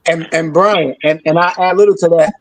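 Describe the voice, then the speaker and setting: A man's voice: on the high side, steady tone, normal speed, rough recording. A man hosting a discussion, blunt and sarcastic in a preaching manner, from Michigan. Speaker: host. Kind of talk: heated discussion.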